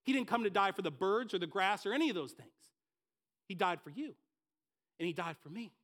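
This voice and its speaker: A man's voice: high voice, expressive, brisk, a bit bright. A man preaching a sermon as pastor, acting out the listeners' thoughts in short quoted voices. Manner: dynamic preaching, acts out the listeners' inner voices.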